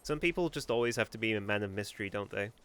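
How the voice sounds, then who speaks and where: A man's voice: fairly low pitch, expressive, quick pace, a bit bright, clear, resonant tone. A young man chatting sarcastically while streaming a game, with faint music behind. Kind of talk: casual gaming commentary.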